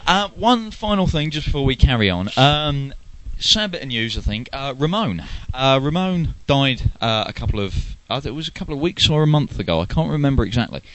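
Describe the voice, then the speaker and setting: A man's voice: mid-range voice, sing-song, fairly quick, hardly any pauses. A man hosting an internet radio show in casual chat, loose and joking, with plenty of filler words.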